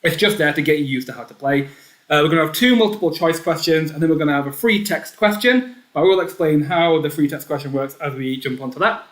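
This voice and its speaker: Chatty quiz host, echoey room. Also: male voice, on the high side. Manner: chatty, repeats each question and its options slowly. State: keeps clearing his throat. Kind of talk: live online quiz hosting.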